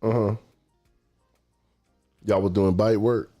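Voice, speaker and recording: A man's voice: lowish voice, steady tone, slow, dark tone, soft background music. A man hosting a casual podcast about dog training, talking in teasing, slangy banter.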